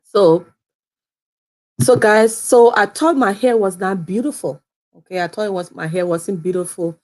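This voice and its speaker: A woman's voice: medium pitch, measured pace, darkish tone. A young adult woman from Liberia telling a personal story to camera in a chatty, repetitive way, often calling viewers "guys". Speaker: vlogger.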